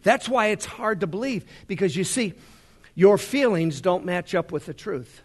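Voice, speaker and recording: Husky-voiced male preacher. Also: sits high, lively intonation, normal speed. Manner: preaching with big swings between hushed and rising fervor. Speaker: pastor. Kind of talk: sermon. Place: large worship center.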